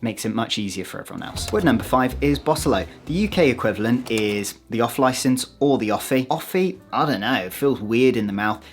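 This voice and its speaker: A British-accented man chats casually to his audience, tossing in playful, self-deprecating asides. His voice sits at an ordinary middle pitch. Soft music plays quietly underneath. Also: a little fast, hardly any pauses. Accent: British English. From United Kingdom. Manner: chatty, jokey self-mocking asides. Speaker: vlogger. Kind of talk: casual talk to camera.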